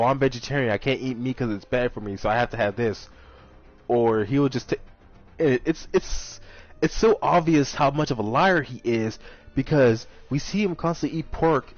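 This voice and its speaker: Man, mid-pitched voice, rambling and exasperated storyteller; dull lo-fi audio with faint music underneath. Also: a little mellow. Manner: rambling, exasperated retelling with acted-out quotes. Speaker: kitchen server at a center. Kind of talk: casual storytime monologue.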